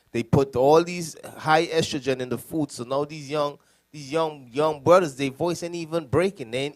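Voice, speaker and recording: A man's voice: fairly high pitch, dry recording. A young man serving as a deacon, speaking loosely and conversationally in a classroom, laughing at his own jokes. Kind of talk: classroom teaching.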